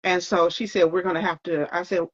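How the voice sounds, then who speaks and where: Lower-pitched woman on a dull recording. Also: fairly even intonation, a little fast. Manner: conversational, often quoting others, many fillers. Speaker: interviewee sharing her illness story. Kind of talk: personal storytelling in an interview. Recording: dull lo-fi sound.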